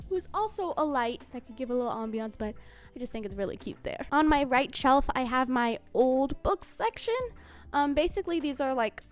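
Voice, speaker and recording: A young woman giving a casual, rambling bookshelf tour, with lots of ums and likes. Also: high-pitched. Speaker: book vlogger.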